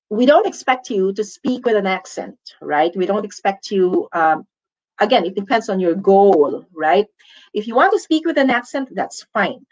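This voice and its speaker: Female lecturer, Filipino accent, patient explaining tone, peppers lines with "okay?", mid pitch, mildly lo-fi recording. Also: husky. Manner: ends points with tag questions like "okay?". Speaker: teacher. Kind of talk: lecture on communication skills.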